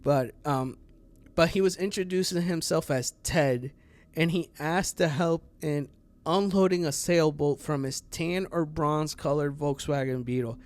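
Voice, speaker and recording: Speaking at a measured pace in a slightly high voice, a true crime host chats casually. He rambles, curses, leans heavily on fillers and laughs at his own jokes.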